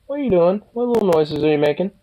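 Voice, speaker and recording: A young man with a slightly high voice talks through a clip he is watching. He swears freely, sounds incredulous and often breaks into laughter. His asides are loose and offhand. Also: animated, fast talker, warm tone, muffled recording. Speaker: reaction streamer. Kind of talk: casual video reaction commentary.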